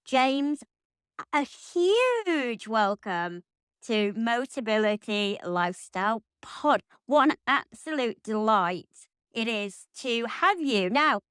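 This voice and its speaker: Lady hosting a pod, smooth clear voice, jokey and chatty, dry studio sound. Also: fairly high pitch, big pitch swings, takes it slowly, a bit bright, no room sound. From Lancashire, England. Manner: chatty and jokey, with playful asides. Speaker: podcast host. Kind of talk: relaxed podcast chat.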